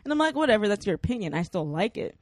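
A woman's voice: mid-range voice, very animated, very fast, dry recording. A young adult woman co-hosting a podcast, telling a story in casual chat, laughing often and animatedly quoting others. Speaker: podcast co-host. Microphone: studio microphone.

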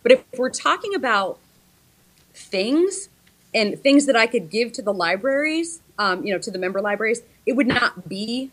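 A woman's voice: on the high side, very animated, moderate pace, fairly bright tone. A woman in her thirties, a librarian guest speaking over a video call, with many ums and restarts. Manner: hesitant, frequent ums and restarts.

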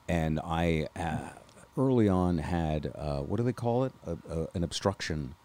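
A man's voice: low voice, expressive, measured pace, a little mellow. A man hosting a podcast from a hospital-type bed, telling a rambling, self-deprecating story and acting out the lines of the people in it. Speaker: podcast host. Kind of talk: casual storytelling chat. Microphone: unfamiliar microphone.

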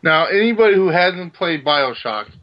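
A man co-hosting a podcast, telling a story in an excitable, rambling way. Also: a little high, moderate pace, a little hiss or hum. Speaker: podcast co-host. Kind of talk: casual podcast chat. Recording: dull lo-fi sound.

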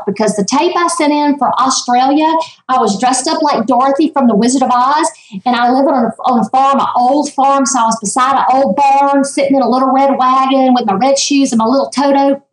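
High-pitched woman in her fifties, emphatic and animated guest, roomy echo around her voice on the line. She tells stories with lively emphasis and speaks in a high voice. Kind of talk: casual interview chat.

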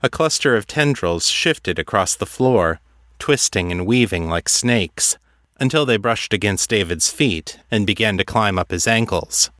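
A man narrates a fantasy serial in a measured, even storytelling voice. He reads slowly, with a somewhat low pitch. The recording is close and dry, with no room sound. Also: no room sound. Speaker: audiobook narrator. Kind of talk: scripted narration.

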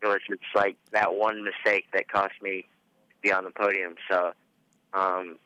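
A man's voice: low-pitched, level tone, a little slow, bright, forceful tone, smooth, dry recording. A male racer talking as a guest on a radio show, hesitant and full of ums. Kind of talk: casual radio interview. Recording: dull dry radio recording.

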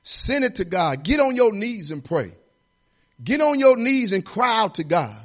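A man's voice: sits high, big pitch swings, unhurried. A man pastor preaching a sermon in a folksy, repetitive, exhorting way, building emphasis as he goes.

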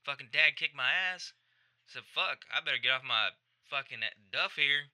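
This is a man putting on a crude, gun-loving Texan with a put-on drawl. He is blustering, profane and dismissive. The voice is bright and tense, and it comes through smooth and crisp. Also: on the high side, moderate pace.

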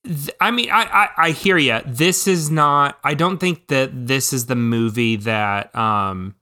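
A man's voice: mid-range voice, unhurried, pushed and bright, clear, resonant tone. A man co-hosting a podcast, chatting casually and eagerly about films, with frequent ums and restarts. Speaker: podcast co-host. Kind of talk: casual movie discussion.

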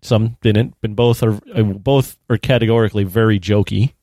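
A man with a fairly low voice co-hosts a podcast in relaxed, casual chat and laughs at himself easily. His voice sounds dry and close to the mic. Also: normal speed, no room sound. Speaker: podcast co-host.

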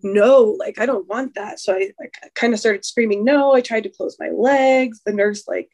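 A woman's voice: medium pitch, moderate pace, a little mellow. Woman retelling a hard birth story. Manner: rambling, many fillers and restarts. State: emotional, recounting trauma. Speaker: guest sharing a birth story. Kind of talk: personal storytelling in an interview.

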